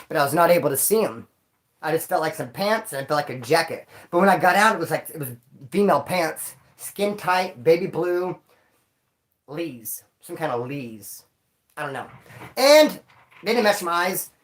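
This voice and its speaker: Slangy man spinning animated stories. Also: on the high side, moderate pace. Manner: slangy, animated, acts out sounds and voices. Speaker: livestream host telling prison stories. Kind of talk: casual storytelling to a live audience.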